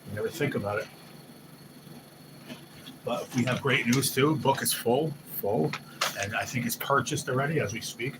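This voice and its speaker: Male streamer, casual hype chatter, middling pitch, audible hum behind the voice. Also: moderate pace, long pauses. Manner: loose, excitable, swears casually, quotes others in lifted voices. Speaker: livestream host. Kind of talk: casual live-stream chat. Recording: noisy background hum.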